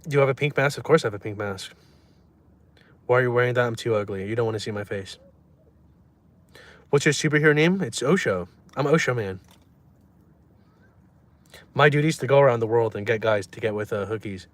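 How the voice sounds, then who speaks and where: Deadpan young man trolling his livestream chat. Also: medium pitch, brisk, pauses often. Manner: reads chat aloud and answers in a deadpan, trolling way. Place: in a car.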